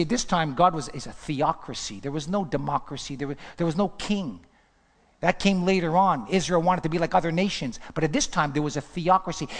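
Male pastor preaching hard, high voice, long hall echo, gets loud then drops real quiet. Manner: fervent preacher, swinging from shouts to hushed asides. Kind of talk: sermon.

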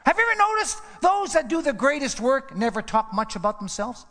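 A man preaching a sermon with passion, swinging from hushed asides to rising emphatic runs. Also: very high voice, big pitch swings, brisk. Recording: reverberant hall.

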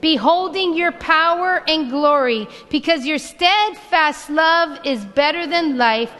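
A middle-aged woman pastor delivers a sermon in a high, unhurried voice, repeating scripture with emphasis. Her words ring through a reverberant church hall while a band plays softly behind her. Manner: reads scripture slowly and emphatically, repeating lines. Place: church sanctuary. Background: worship band music.

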